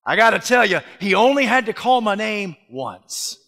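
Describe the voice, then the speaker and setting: A man preaching in character as a jubilant man just raised from the tomb, telling his story in first person and building to shouts. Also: sits high, big pitch swings, moderate pace, exaggerated voice. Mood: exultant, shouting. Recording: long reverb of a large hall.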